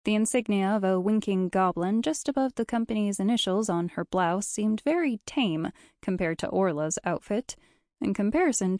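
A woman giving scripted, measured audiobook narration of a story. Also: mid-range voice, a little mellow, no echo, clean studio sound.

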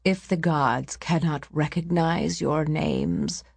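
A woman's voice: lowish voice, animated, slow, vocal fry, darkish tone, husky, dry recording, heavily acted. A woman voicing a harsh, scornful old priestess in an audiobook. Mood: stern. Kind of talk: audiobook character voice.

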